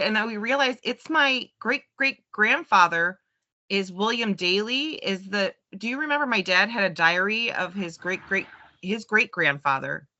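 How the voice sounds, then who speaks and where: Heard through dull, lo-fi audio, this podcast co-host speaks in a mid-range voice, a touch slowly. She chats casually and spins stories, quoting others by performing their lines in lively voices.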